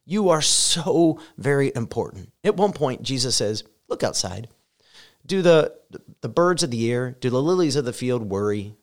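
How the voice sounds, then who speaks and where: A man's voice: mid-range voice, sing-song, moderate pace. Earnest male pastor preaching. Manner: earnest preaching, rising loud and emphatic when reading scripture; direct address to listeners. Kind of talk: sermon.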